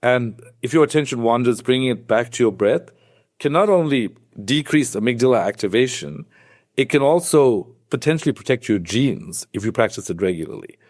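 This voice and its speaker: A man, a psychiatrist guest on a podcast, who talks in an animated, conversational way and explains things step by step like a teacher. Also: medium pitch, normal speed, dry recording, studio quality. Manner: animated storyteller, acts out quoted voices.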